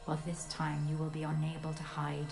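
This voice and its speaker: An actress playing a mysterious game character who speaks in a solemn, formal way. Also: female voice, low-pitched, monotone, moderate pace, creaky, over music. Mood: taunting.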